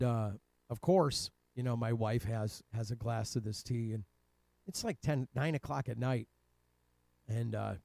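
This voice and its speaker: A man's voice: mid-range voice, gravelly, darkish tone, no room sound. A man from Cleveland telling a rambling, profane personal story in a casual way, laughing often. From Cleveland, Ohio. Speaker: guest telling his life story.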